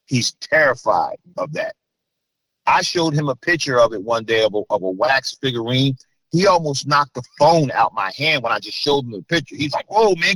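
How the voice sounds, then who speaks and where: Telling a story as an interview guest, this middle-aged man from New Jersey has a husky, mid-range voice and bursts into animation when imitating other people. The recording is rough, with no room sound.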